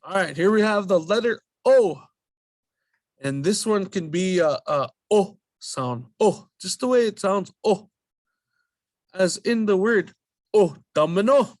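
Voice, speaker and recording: A man teaching a language lesson, drilling vowel sounds slowly and repeating each word patiently. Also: sits high, expressive, dry recording, studio quality. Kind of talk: slow spoken language lesson.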